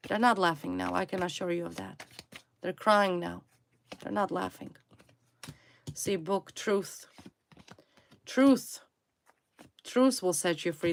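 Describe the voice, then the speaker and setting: A woman giving a tarot reading to her viewers, stressing her points by repeating single words. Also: mid-range voice. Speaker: tarot reader.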